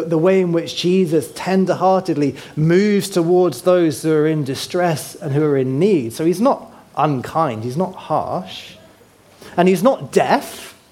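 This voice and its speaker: A man preaching with a slightly high voice, walking his congregation through a map. He talks conversationally and keeps putting questions to the room. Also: a little mellow. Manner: points to a map while teaching. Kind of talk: sermon.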